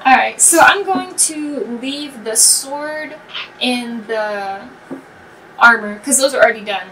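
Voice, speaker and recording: A woman playing a tabletop game, chatty and excitable, trailing off with fillers as she thinks. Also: on the high side, slow pace, recorded from a distance, background noise. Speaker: player. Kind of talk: casual tabletop play.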